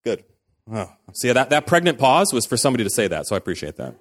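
A man's voice: medium pitch, very animated, fast. Conversational man preaching a sermon. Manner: conversational, with fillers and acted-out quotes.

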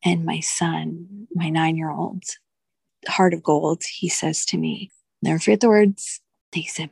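A woman in her thirties speaks with a low, husky voice with a gravelly edge. She recounts her experience in an emotional, halting way, restarting her sentences. The sound is close and dry. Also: fairly even intonation, darkish tone, no echo. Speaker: podcast guest, doula. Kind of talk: candid personal storytelling.

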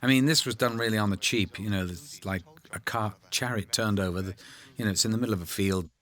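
Older male actor, commentary chat; animated raconteur, slightly low voice. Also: fast. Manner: anecdotal, animated storytelling with voiced quotes. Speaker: actor discussing his film.

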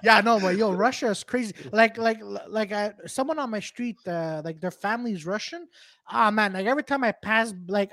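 Rambling man with a bright voice. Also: high voice, dry recording. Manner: rambling with many fillers, joking. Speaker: podcast co-host. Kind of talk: casual comedy chat.

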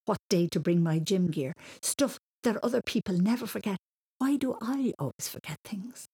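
A woman's voice: on the low side, moderate pace, mellow, breathy edge. A woman voicing a determined, forgetful little boy who talks eagerly and emphatically. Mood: earnest.

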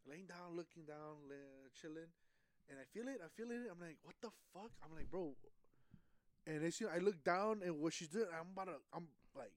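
A young man with a somewhat high voice tells a raunchy story to a friend, swearing freely and breaking into laughter. His delivery is loose and animated, recorded dry and close to the mic. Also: moderate pace, no echo. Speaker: podcast co-host. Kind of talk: casual storytelling chat.

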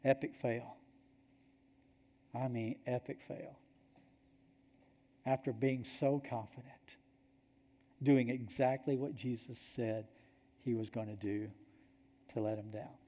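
Warm-voiced Georgia pastor preaching. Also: male voice, medium pitch, little pitch movement, a little slow, pauses often. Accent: Georgia, US Southern. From Georgia, United States. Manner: earnest storytelling, emphatic, drops soft on key points. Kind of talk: sermon. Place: church sanctuary. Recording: long reverb of a large hall.

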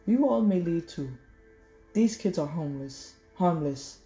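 A woman's voice: fairly low pitch, animated, unhurried, dark tone, faint music behind. Woman doing a cold contemptuous sorcerer villain. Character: menacing grown male sorcerer villain.

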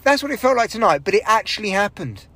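A young man, a stand-up comic, rambles through a sweary, self-deprecating solo monologue. His voice sits a touch high for a man and sounds dry and close, with no room around it. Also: sing-song, fast talker, fairly bright tone, no echo. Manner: rambling, sweary, self-deprecating, with big vocal swings when acting out others. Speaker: stand-up comedian. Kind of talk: casual solo podcast monologue.

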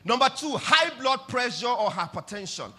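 A man preaching a sermon in church, his voice pitched very high and ringing sharp and bright. He leads the congregation in call-and-response with fervent energy, breaking into shouts for emphasis. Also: very animated, normal speed. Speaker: pastor.

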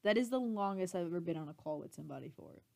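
A woman's voice: fairly low pitch, expressive, very fast, vocal fry, warm tone. Rambling young woman, podcast banter. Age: 20s. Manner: rambling, laughs often, self-deprecating. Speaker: podcast co-host. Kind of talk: casual chat.

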